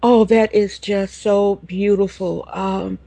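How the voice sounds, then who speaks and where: A host with a husky, slightly breathy voice leads a faith interview, speaking with emphatic praise for the guest. The sound is dry and close, with no room echo. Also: mid-range voice, little pitch movement, slow pace. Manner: emphatic, warm exclamations of praise.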